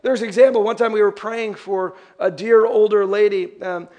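A young man preaches with a bright, high voice, often slipping into quick acted-out voices. He speaks as a pastor to his congregation, casual and animated. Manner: animated, acts out quoted voices. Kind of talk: sermon.

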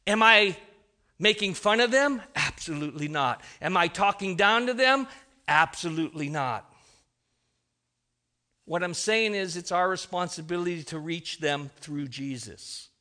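A man's voice: sits high, expressive, measured pace, pushed and bright. A man preaching a sermon, emphatic, often restarting his sentences.

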